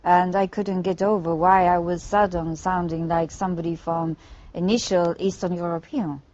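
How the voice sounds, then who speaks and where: An older woman answers interview questions in short, clipped phrases, leaving out small words. Her voice sits lowish, and the old broadcast clip sounds dull and lo-fi. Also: little pitch movement, normal speed, darkish tone.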